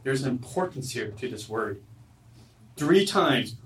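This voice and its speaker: A man preaching a sermon at a church service, earnest, swinging from loud emphatic lines to low quiet ones. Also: lively intonation, a little slow, long pauses, distant mic, rough recording. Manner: earnest, rises loud then drops low and soft. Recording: voice from away from the mic.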